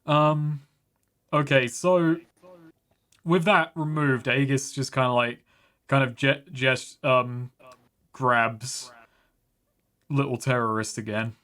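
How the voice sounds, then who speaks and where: A man's voice: mid-range voice, fairly even intonation, slow pace, long pauses, fairly bright tone. Offhand male tabletop player. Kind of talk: casual tabletop game play.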